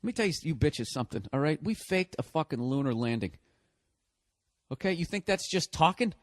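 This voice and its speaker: A man's voice: a little high, lively intonation, fairly quick. Profane, ranting man on a podcast. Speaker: podcast host. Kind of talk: ranting comedic monologue.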